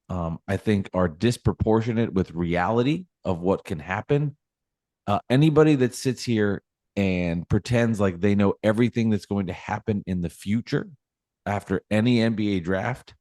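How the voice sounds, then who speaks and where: A man's voice: fairly low pitch, a little mellow, no echo, clean studio sound. A man co-hosting a sports talk podcast, talking emphatically and ranting about his team's fans. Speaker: podcast co-host.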